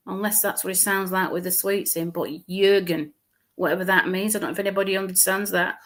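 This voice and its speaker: A woman gives a live mediumship reading in a voice of middling pitch. She speaks haltingly, repeating and restarting words as she describes what she sees. Now and then she sinks into soft, quiet murmurs. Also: steady tone.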